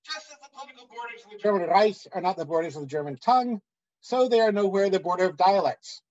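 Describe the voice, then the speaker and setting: A man giving an academic conference talk, measured and pausing often with "uh.". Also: sits high, lively intonation, darkish tone, highs cut off. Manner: measured, with frequent "uh" pauses. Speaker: academic lecturer.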